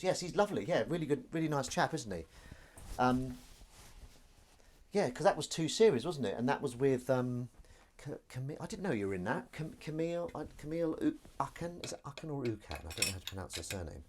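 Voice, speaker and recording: Chatty man, lively pitch. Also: fast, noisy background. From northern England. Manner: chatty, reads out viewer comments, jokey asides. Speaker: live streamer. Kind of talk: casual live stream chat while washing up. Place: home kitchen, indoors.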